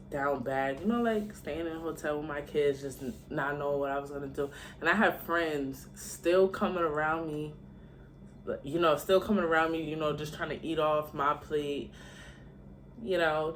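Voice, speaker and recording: A woman's voice: low voice, a little hiss or hum. A young adult woman vlogging in a candid, slangy and heartfelt way, talking casually to her viewers. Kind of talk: casual chat to camera.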